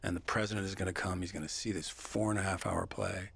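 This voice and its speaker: A man being interviewed as an actor, telling stories in a lively, reflective way. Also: low-pitched, quick pace, gravelly, slightly rough. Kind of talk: reflective conversational storytelling.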